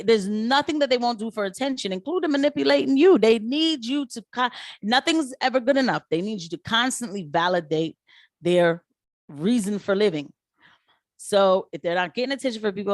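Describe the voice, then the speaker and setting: A woman talking straight to her viewers about her work as a nurse, in a casual, animated way. She tells her stories with quick put-on voices for the people she quotes. The sound is close and dry, with no room echo. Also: medium pitch. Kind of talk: casual commentary vlog.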